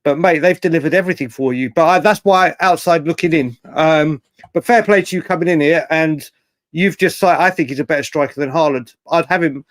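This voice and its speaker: A man's voice: a little high, fairly quick, no echo. A young man hosting a casual football live stream, bantering with viewers by name and laughing often. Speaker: livestream host.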